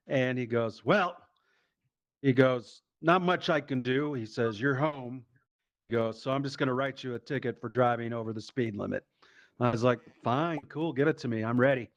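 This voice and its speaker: A man doing stand-up comedy, telling a story in a lively, profane way and acting out the voices of the people in it. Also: mid-range voice, no room sound. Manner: animated, profane, acts out quoted voices.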